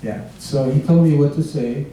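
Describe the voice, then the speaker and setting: A man giving an informal devotional remembrance talk, halting often with fillers and restarts as he recalls stories. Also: fairly high pitch, crowd noise. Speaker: guest speaker. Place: devotees' home, recorded from across a room. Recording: echoey room from far off, faint hiss.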